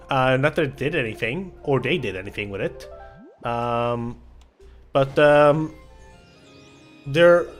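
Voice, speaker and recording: A young man chatting casually while playing a game on a charity stream, rambling and swearing, with lots of restarts. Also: on the high side. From Sweden. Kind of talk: casual livestream chat while gaming.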